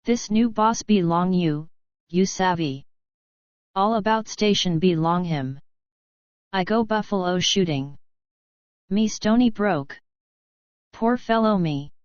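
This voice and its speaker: A woman voicing a gruff old bush cattleman. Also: on the low side, takes it slowly, long pauses, no room sound, highs cut off. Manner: brusque and bossy. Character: gruff older male bush cattleman, broke and blustering.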